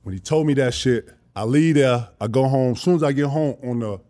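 A man telling stories casually, animated and profane, acting out other people's voices. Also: medium pitch, fairly quick. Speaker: guest storyteller. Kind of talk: casual storytelling.

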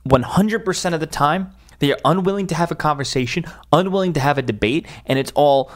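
A man's voice: on the high side, fairly quick. A man who is a social media influencer, delivering a heated, emphatic opinion rant with frequent restarts.

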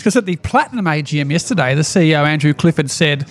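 An Australian man co-hosting a casual finance chat, telling stories quickly with wry asides. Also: a little high. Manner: rapid, animated storytelling with wry asides. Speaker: podcast co-host, shareholder activist.

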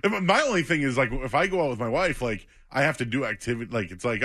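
A man chatting on a podcast, jumping in with quick, lively interjections. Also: mid-range voice, no room sound, clean studio sound. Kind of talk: casual chat.

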